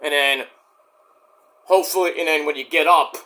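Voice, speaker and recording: Man in a casual rant vlog, rambling and profane, bright higher voice. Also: fairly even intonation, moderate pace. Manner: rambling, profane, many restarts. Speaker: vlogger.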